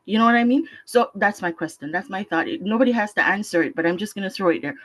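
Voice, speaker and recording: A woman's voice: fairly high pitch, animated, fast talker, poor audio. A woman on a video call sharing a personal story with a group, acting out inner voices and laughing often. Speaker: discussion group participant.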